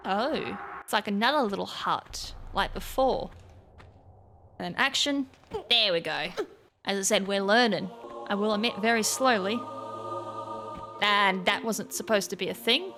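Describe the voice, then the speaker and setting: A woman hosts a gaming channel in a medium-pitched, sharp voice, speaking unhurriedly with long pauses over soft background music. In this casual let's-play, she chats while playing, thinks aloud, pokes fun at her own mistakes, and bursts into sudden exclamations.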